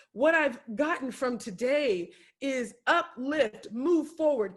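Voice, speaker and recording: A woman's voice: high-pitched, lively intonation, takes it slowly, few pauses. A woman giving an impassioned, preacher-like keynote speech, repeating phrases for emphasis, tearful at times. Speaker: keynote speaker. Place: home, remote video address.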